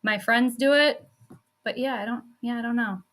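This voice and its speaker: A woman's voice: fairly high pitch, steady tone, normal speed, fairly bright tone. A woman casually chatting at home on her live stream, laughing often and saying "like" a lot. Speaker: sports astrology streamer. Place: home workspace.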